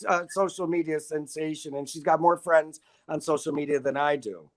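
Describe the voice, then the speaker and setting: Older man, slightly high voice, wry, self-mocking, rambling stories. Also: moderate pace. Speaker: guest. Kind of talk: casual interview chat.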